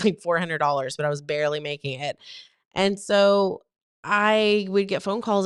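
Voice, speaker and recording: Laughing storytelling woman, clear voice. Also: on the low side, no echo, studio quality. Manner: laughs often, animated storytelling. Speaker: podcast co-host. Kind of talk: casual chat.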